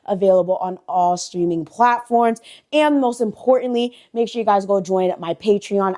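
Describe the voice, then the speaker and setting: Woman, young adult, from New Jersey, storytime vlog, animated, swears freely, mid pitch. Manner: animated, profane, talks straight to viewers. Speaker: vlogger.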